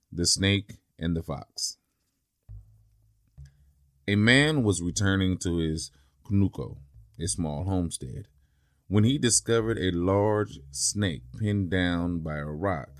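A man hosting a folktale podcast as its teller of tales, narrating in a soft, measured way. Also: sits low, soft background music. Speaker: storyteller host. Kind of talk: scripted narration.

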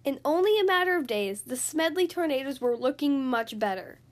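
A woman reading a children's picture book aloud with expressive, animated storytelling. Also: high-pitched, a little fast. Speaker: storybook reader.

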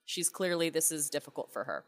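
Chatty low-voiced woman player. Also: animated, fairly quick. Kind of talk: tabletop role-play narration.

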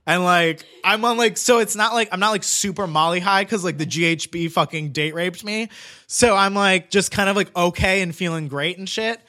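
A man's voice: high voice, brisk, sharp tone. A man telling a long story in casual chat, rambling with lots of "like" and swearing. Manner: rambling, heavy use of "like", swearing.

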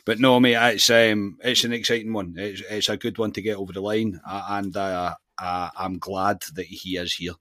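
A Scottish man co-hosting a football podcast, animated and chatty, dropping "mate" into nearly every sentence. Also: lowish voice, moderate pace, hardly any pauses, no echo, studio quality. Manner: animated storyteller, says "mate" constantly. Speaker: podcast co-host. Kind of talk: casual football chat.

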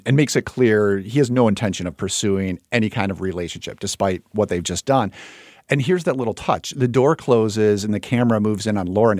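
Thoughtful low-voiced man reviewing films. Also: a little mellow, no room sound, clean studio sound. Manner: thoughtful, measured critique. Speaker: film podcast co-host. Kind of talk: film review chat.

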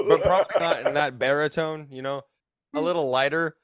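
A rowdy man hosts a casual podcast, firing off crude jokes and breaking into frequent laughter. His voice sits a touch high for a man. The sound is dry and close, with no room around it. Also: brisk, no echo. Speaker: podcast host.

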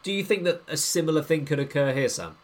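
A man's voice: fairly high pitch, animated, fast talker. A man hosting a podcast, putting questions to his co-hosts in a wry, teasing way. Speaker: podcast host. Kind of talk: casual podcast chat.

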